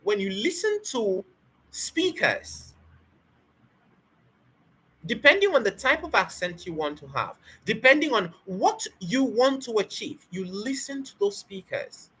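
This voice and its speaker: A woman's voice: mid-range voice, very animated, unhurried, fairly bright tone, husky. A woman teaching spoken English in an emphatic motivational talk, repeating key words and asking rhetorical questions.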